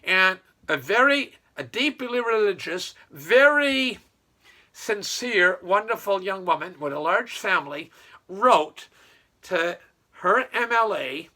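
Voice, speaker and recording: With a forceful, bright, high-pitched voice, a Nova Scotian man works through a political commentary monologue online. He's opinionated and sarcastic, mocking his subjects as he tells the story.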